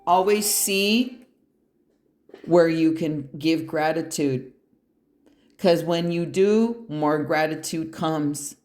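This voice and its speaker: Slow, blunt, cursing tarot reader in an echoey room. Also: medium pitch, a little mellow. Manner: blunt, emphatic and profane; encouraging, addresses the listener directly. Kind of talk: pick-a-pile tarot reading. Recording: roomy echo.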